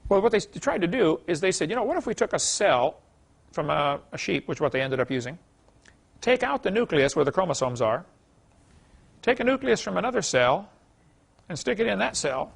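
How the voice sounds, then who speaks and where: Folksy guy lecturing a class, bit high voice, gravelly, chuckles through his stories. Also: sing-song, fairly quick. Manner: anecdotal, chuckling, many "you know"s.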